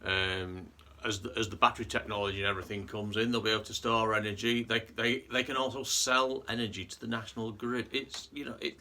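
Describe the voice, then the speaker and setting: A man's voice: lowish voice, steady tone, fairly quick, hardly any pauses, bright, forceful tone. A man vlogging in a casual monologue, earnest and rambling with frequent restarts.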